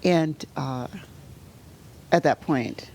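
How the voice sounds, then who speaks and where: A middle-aged woman telling a painful personal story as an interview guest, halting and full of fillers, sometimes sinking to a near-whisper. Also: sits low, slight background noise. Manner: halting, full of "you know" fillers and restarts; drops to a soft near-whisper at painful moments. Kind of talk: emotional personal storytelling in conversation.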